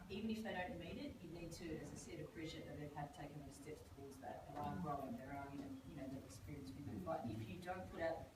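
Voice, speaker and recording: A woman's voice: low-pitched, fast, hardly any pauses. A woman co-presenting in casual seminar talk, earnestly giving advice. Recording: echoey room, far from mic, noise.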